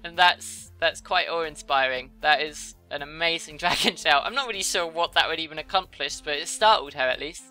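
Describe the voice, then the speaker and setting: A woman's voice: low voice, moderate pace, few pauses, sharp tone, faint music behind. A young woman chatting casually while she draws, giggling and teasing herself. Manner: chatty, giggly, self-deprecating. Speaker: YouTuber. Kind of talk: casual commentary while drawing.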